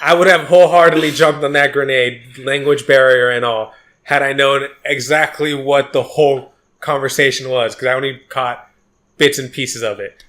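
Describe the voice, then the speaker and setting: Bright-voiced man telling a rambling story. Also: medium pitch, fairly even intonation, moderate pace. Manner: rambling, profane, many restarts. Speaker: podcast co-host. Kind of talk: casual chat, storytelling.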